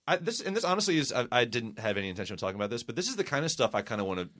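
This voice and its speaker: A man's voice: mid-range voice, big pitch swings, racing, fairly bright tone. A man co-hosting a podcast in casual chat, rambling and thinking aloud with many restarts, in a small room with sound panels. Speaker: podcast co-host.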